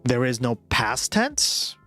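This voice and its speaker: A man's voice: mid-range voice, wildly swooping pitch, takes it slowly, pushed and bright. A man livestreaming and chatting casually with viewers, rambling and full of "like" and "right?", with faint music behind him.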